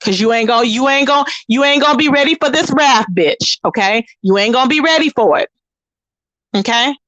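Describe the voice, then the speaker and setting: A woman hosts a livestream and rants in profane, combative bursts, with a high voice that stays pointed and scornful. She turns to her viewers with drawn-out, sassy asides. The sound is dry and close, with no room echo. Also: a bit bright. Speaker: livestream host. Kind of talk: ranting livestream commentary.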